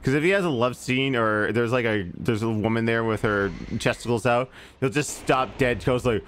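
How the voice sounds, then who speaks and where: Speaking at a moderate pace in a fairly bright tone, this man chats casually while playing a video game on stream, with a little hiss or hum in the audio. He rambles into foul-mouthed movie digressions, his pitch swooping as he goes.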